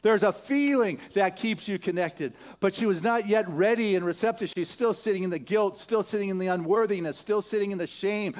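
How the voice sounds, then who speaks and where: Man, slightly high voice, spiritual leader preaching casually and building to emphatic repeated phrases. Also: brisk, few pauses. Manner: animated storytelling, building emphatic repetitions; casual, filler-heavy delivery with chuckles. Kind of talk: sermon retelling a film. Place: church sanctuary.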